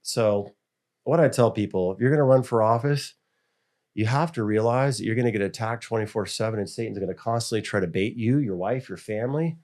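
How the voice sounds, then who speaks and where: A fairly quick, lowish voice belongs to this middle-aged American school board member. In a casual interview he tells stories animatedly, slipping into the voices of those he quotes.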